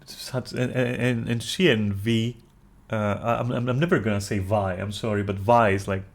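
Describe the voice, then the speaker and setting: A man streaming a casual review, ranting loudly with heavy swearing, then dropping into quieter apologetic talk. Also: on the low side, steady tone, moderate pace, creaky. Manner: loud, profane, exasperated ranting that drops into quieter, apologetic talk.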